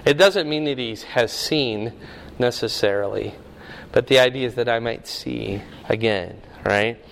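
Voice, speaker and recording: Slow-preaching man in a reverberant hall. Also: medium pitch, gravelly, a bit bright, slight background noise. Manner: teaching, explaining Greek words with rising emphasis. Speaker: pastor. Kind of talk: sermon.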